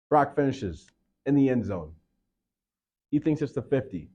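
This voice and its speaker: Male motivational speaker, mid-pitched, addressing a team, retelling a scene with shouted coaching. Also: very animated, measured pace, pauses often, husky. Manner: builds to loud shouted coaching.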